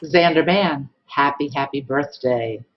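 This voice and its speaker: A man giving an earnest, measured birthday message to a friend. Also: fairly high pitch, muffled recording.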